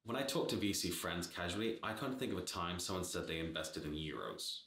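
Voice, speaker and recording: A man's voice: low-pitched, a little fast, fairly bright tone, echoey room. A man giving blunt, sarcastic startup advice in a casual talk to camera, swearing freely. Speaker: startup advisor.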